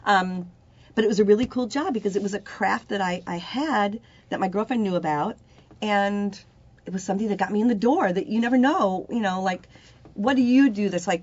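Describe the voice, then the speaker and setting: A woman's voice: medium pitch, a little mellow, slightly rough. An older woman hosting a casual interview, chatty and joking as she rambles through stories. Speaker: talent manager and host. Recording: dull lo-fi recording.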